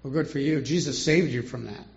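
Older male Bible teacher, gravelly and a bit high, informal and chuckling, muffled lo-fi recording. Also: a little fast. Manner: chatty, rhetorical questions, chuckles often.

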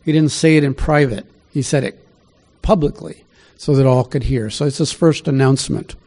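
A pastor's Bible-teaching sermon comes across as conversational: he reads passages aloud and questions his listeners as he goes. He speaks at a moderate pace with a medium-pitched, darkish voice.

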